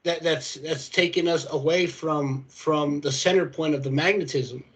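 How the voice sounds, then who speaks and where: A man's voice: on the high side, moderate pace, poor audio. A man speaking as a guest on a video call, hesitant and repeating words as he starts. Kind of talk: casual conversation.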